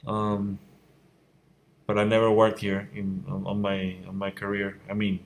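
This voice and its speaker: Low-voiced, blunt man from Venezuela. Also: completely flat delivery, measured pace, a little hiss or hum. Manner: candid and blunt, gets worked up and emphatic. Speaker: visual effects course instructor. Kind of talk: casual Q&A answering viewer questions. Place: room at home at night by a window. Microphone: fixed mic, voice fades when he turns away.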